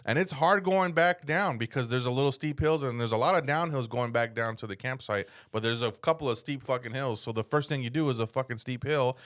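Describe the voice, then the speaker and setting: A young man hosting a comedy podcast, telling a rambling, profane story in casual chat and breaking into loud shouted impressions. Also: mid-range voice, brisk, few pauses.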